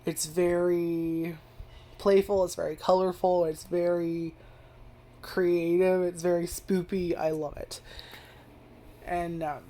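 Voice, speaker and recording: A woman's voice: lowish voice, level tone, slow pace, long pauses, mellow. A young woman casually reviewing an anime, rambling and swearing, with lots of "like" fillers. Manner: rambling and profane, heavy use of filler "like".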